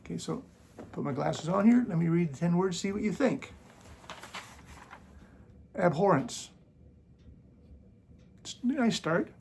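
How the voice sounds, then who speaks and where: This YouTube host's voice is high-pitched, animated and creaky, with a darkish tone and a measured pace broken by long pauses. He argues against his critics casually, mocking and sarcastic, coughing occasionally, and there's a little hiss or hum in the audio.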